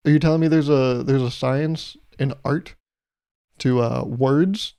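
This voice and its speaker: Self-mocking young man, mellow voice. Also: medium pitch, steady tone, measured pace, clean tone. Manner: self-mocking, plays out imagined exchanges. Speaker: podcast host. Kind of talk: solo comedic podcast monologue.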